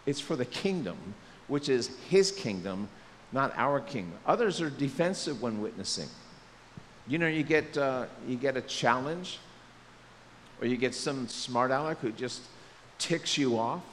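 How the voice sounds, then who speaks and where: A male pastor giving a lively sermon, joking and acting out quotes in different voices. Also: medium pitch, unhurried, big-room sound, a little hiss or hum. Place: church sanctuary.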